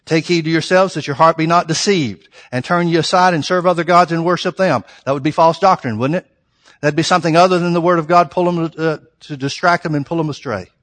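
A man's voice: a little high, a bit bright. Emphatic preacher man in a reverberant hall. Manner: emphatic, rhetorical questions to the congregation; reads scripture slowly and deliberately. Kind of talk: sermon with scripture reading.

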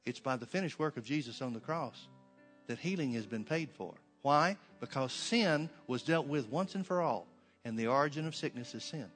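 Guy preaching, punchy rhythmic delivery, mid voice, long hall echo, soft music under. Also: medium pitch, lively intonation, moderate pace. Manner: emphatic, rhythmic preaching cadence. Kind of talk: sermon.

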